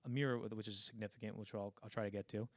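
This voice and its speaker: A man on a podcast walking through film scenes at length, rambling and slipping into quick impressions of the characters. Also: lowish voice, fairly even intonation, dry recording, studio quality. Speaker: podcast co-host. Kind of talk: casual film discussion.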